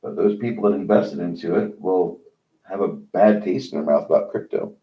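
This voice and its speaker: A man hosting a livestream, talking in a rambling, opinionated monologue with many halts. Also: low-pitched. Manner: rambling, opinionated, halting with fillers. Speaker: livestream host. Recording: dull lo-fi sound.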